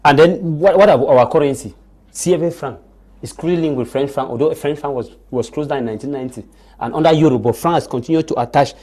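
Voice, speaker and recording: A man's voice: a little high, quick pace, mellow. A man, arguing emphatically as a panelist on a live TV debate and repeating words when pressed.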